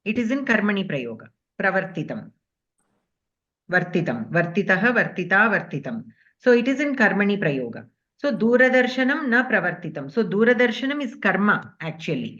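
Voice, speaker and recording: A woman's voice: medium pitch, fairly bright tone. Woman teacher, patient, explanatory, dull lo-fi class audio. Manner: patient, explanatory, checks in with "okay?". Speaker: Sanskrit grammar teacher.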